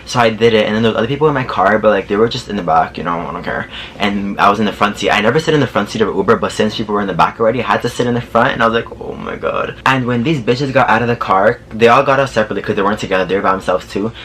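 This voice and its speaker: A young man with a fairly low voice dishes out a storytime to his camera, sassy and animated, swearing freely and laughing along the way. A faint background hum sits under his voice in an indoor room. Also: racing. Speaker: vlogger telling a story. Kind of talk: casual storytime chat.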